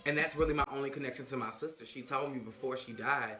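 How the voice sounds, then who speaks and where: A man giving sassy, animated recap commentary on a reality show, sometimes heartfelt. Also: medium pitch, fast, soft background music.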